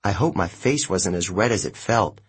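A man narrating an audiobook in the first person, expressive and unhurried. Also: low voice, breathy edge.

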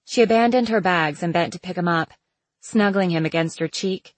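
A woman narrating a novel as an audiobook, in a measured, even storytelling manner. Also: lowish voice, dry recording, rough recording. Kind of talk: scripted narration.

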